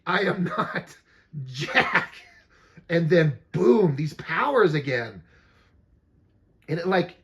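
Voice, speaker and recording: A man talks through a film as it plays, his pitch swinging widely as he gets excited. His delivery is a loose, laughing play-by-play, full of swearing and cut-short thoughts, the easy chat of a movie commentary host. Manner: animated, profane play-by-play with frequent laughter. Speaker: podcast host.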